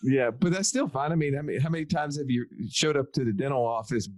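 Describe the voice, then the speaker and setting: A man's voice: mid-range voice, quick pace, a little mellow, dry recording. A man hosting an interview podcast, asking curious questions and laughing easily. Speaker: podcast host. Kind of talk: conversational interview.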